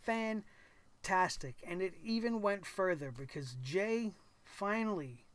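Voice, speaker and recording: A man hosting a wrestling show, reacting with excitement and acting out the wrestlers' lines. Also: high-pitched, a little slow. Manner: animated, acts out wrestlers' lines and shouts.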